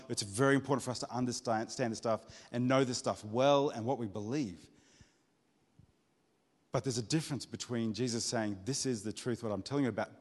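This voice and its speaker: A man preaching in a conversational, earnest way, his voice sitting in a middle register. He often doubles back on words mid-sentence as he works toward his point. His voice carries a long reverb, like a large church hall. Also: medium pitch. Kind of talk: sermon.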